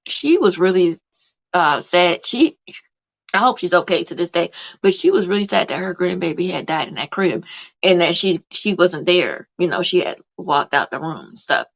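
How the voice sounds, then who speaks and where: A woman's voice: on the low side, expressive, moderate pace, gravelly, highs cut off. A woman hosting a casual live podcast, telling a long story in a rambling way with many fillers. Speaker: podcast host.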